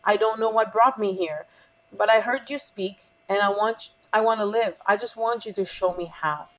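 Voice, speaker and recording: A woman's voice: mid-range voice, normal speed, dull audio. A woman business coach, a guest in an interview, telling a personal story with feeling and acting out the dialogue she quotes.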